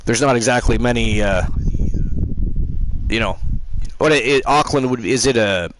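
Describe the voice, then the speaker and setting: A man's voice: medium pitch, moderate pace, a bit bright, a little hiss or hum, low-quality recording. A man hosting a live stream, teasing and rambling through casual banter. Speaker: host.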